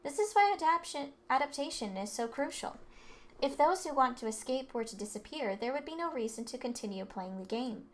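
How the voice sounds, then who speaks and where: A woman reading a calm, analytical teenage girl explaining things in measured tones. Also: sits high. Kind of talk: reading game dialogue aloud.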